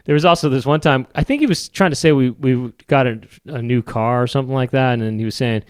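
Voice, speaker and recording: A man's voice: medium pitch, a little fast, smooth, dry recording, clean studio sound. A man hosting a podcast and talking in a rambling, wry, casual comedic monologue that often trails off. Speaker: podcast host.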